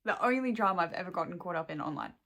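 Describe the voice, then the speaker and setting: A woman's voice: lowish voice, animated, very fast, a bit bright. A young woman and shop worker venting to her camera at home, swearing heavily and rambling, close to tears. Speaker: vlogger and shop employee.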